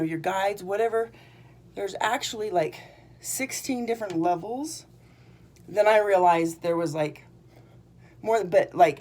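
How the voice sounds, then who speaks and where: An energy healer talks casually to the camera in a medium-pitched voice with a dark tone. She's bubbly and rambling, using lots of fillers as she addresses her viewers.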